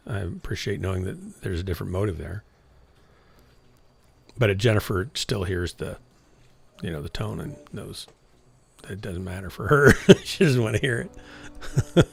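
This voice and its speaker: A man's voice: lowish voice, gravelly, a little mellow. A man in his sixties streaming from home, chatting in a frank, rambling way that often corrects itself and trails off. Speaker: game streamer. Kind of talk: casual rambling chat while streaming.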